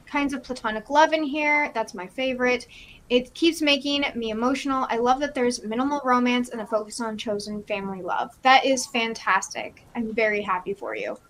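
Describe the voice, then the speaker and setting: High-pitched chatty woman. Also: fairly bright tone, a little hiss or hum. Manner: chatty, enthusiastic, laughs often, many fillers. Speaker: co-host of a live reading sprint stream. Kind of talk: casual chat.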